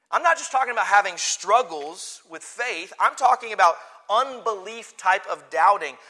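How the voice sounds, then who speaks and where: A man preaching a sermon, moving from quiet conversational asides to loud, forceful declarations. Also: sits high. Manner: animated, swings from soft asides to forceful declarations. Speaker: pastor.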